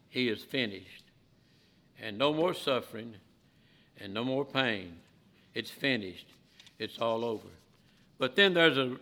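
A male preacher delivering a sermon in a bright, forceful voice. He swings between loud, emphatic lines and quiet, hushed ones. His tone is earnest and pleading. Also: mid-range voice.

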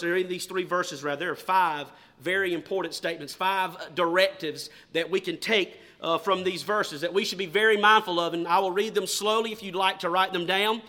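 In church, a high-pitched man preaches a sermon, shifting from loud, emphatic declarations to slow, hushed questions aimed at the congregation.

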